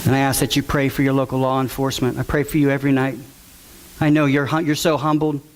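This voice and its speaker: A man's voice: medium pitch, level tone, quick pace, slight background noise. A father giving an earnest, emotional testimony to a church audience, repeating key words for emphasis.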